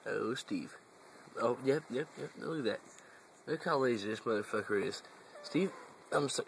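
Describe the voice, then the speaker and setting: A man's voice: mid-range voice, gravelly, a little hiss or hum. A man filming on his phone, teasing and cursing as he coos at his lazy cat. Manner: teasing, cursing, drawn-out baby talk to a cat. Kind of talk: casual phone video talking to a pet cat. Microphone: phone camera.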